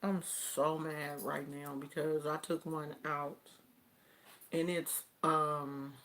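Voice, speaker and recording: A woman vlogger chatting casually to camera, telling stories in an animated, drawn-out way. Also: low voice, slight background noise.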